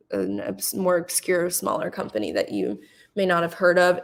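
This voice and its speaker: A woman's voice: fairly low pitch, vocal fry. A young adult woman giving a casual webinar talk as a support manager, explaining things with a lot of "um"s. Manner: casual, filler-heavy explaining with frequent "um". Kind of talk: webinar presentation.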